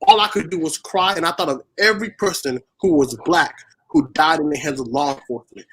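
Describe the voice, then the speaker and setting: A man's voice: fairly high pitch, a little fast, fairly bright tone, breathy edge, poor audio. A man from Haiti raised in Washington State, a spoken word poet telling a personal story as an interview guest, earnest and repeating phrases for emphasis. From born in Haiti, raised in Washington State.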